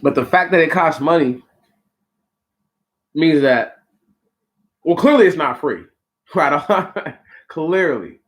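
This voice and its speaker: Brief: male talk host, higher-pitched voice, preachy casual monologue, slangy asides to listeners. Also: expressive, takes it slowly, pauses often. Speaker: podcast host.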